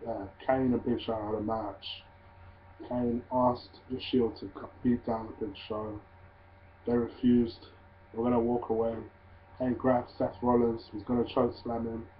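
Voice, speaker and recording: A man casually reviewing a wrestling show, swearing freely and ranting in loud disbelief. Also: mid-range voice, a little hiss or hum. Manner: profane, ranting, gets loud and incredulous. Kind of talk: casual solo review vlog. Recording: tinny phone-like audio.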